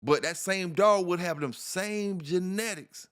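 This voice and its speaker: A man's voice: high voice, a little slow, a bit bright, clear, resonant tone. A man hosting a dog channel, talking casually in a rambling monologue, repeating himself and filling gaps with "you know".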